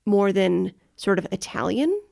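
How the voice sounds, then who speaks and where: A woman's voice: mid-range voice, lively intonation, unhurried, creaky, a little mellow. A woman co-hosting a casual travel podcast, enthusiastic and informative, often correcting herself. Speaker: podcast co-host. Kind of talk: casual chat.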